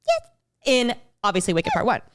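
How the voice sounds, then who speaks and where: Young female podcast host, animated storyteller who acts out quotes; smooth, clear voice, dry close recording. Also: a little high, normal speed, dry recording. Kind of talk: casual chat.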